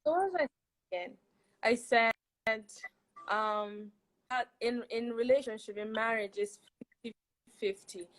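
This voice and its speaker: A woman speaks as a guest over a video call, her voice a little higher than most. She talks in an animated, emphatic way and repeats her points for effect. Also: unhurried, pauses often, slight background noise, rough recording. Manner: animated, laughing, emphatic repetition. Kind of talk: casual chat on a video call.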